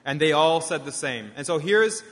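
A young man, a pastor, preaching a sermon in a church, halting often with restarts and fillers. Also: a little high, expressive, fairly bright tone, long reverb tail. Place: church sanctuary.

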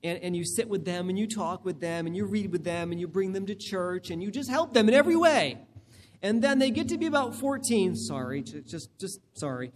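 A male pastor giving a sermon in a conversational, animated way, often checking in with the congregation. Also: high-pitched, a little fast, big-room sound. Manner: acts out scenarios in other people's voices.

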